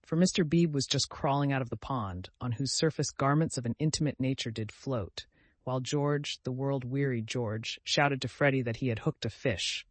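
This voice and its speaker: A man narrating a classic novel as an audiobook, reading in an expressive storytelling manner. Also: medium pitch, moderate pace, no echo. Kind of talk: scripted narration.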